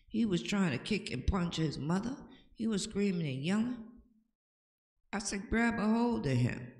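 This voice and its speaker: A woman's voice: lowish voice, creaky, warm tone. An older woman hosting a home-remedy talk, giving emphatic, preachy advice and often checking in with "okay?". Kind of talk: casual advice talk to camera. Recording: echoey room with long reverb.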